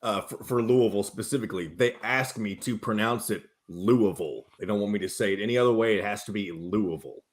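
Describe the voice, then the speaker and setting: A man's voice: lowish voice, fairly even intonation, fast, hardly any pauses. A man co-hosting a casual sports radio chat, easygoing and chiming in with quips. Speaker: radio co-host and commercial voice-over.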